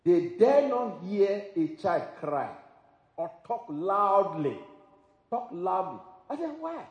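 A man's voice: high voice, big pitch swings, slow, darkish tone, muffled recording. A man preaching a sermon in an emphatic style, breaking into exclamations and laughter. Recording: echoey hall with long reverb.

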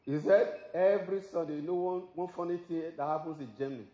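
Male preacher, somewhat high voice, emphatic sermon delivery, roomy hall reverb. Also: fast, mellow. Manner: emphatic preaching with exclamations and laughs. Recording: echoey hall with long reverb.

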